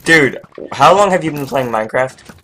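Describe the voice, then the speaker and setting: A young man chatting excitedly while playing a game with a friend, often laughing and getting loud. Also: mid-range voice, moderate pace. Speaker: gamer. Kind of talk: casual gaming chat.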